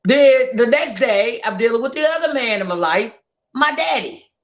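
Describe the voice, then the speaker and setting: Animated storytelling woman, high voice. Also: normal speed. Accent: St. Louis. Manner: animated storyteller, acts out voices in quoted dialogue. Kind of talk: casual storytelling chat.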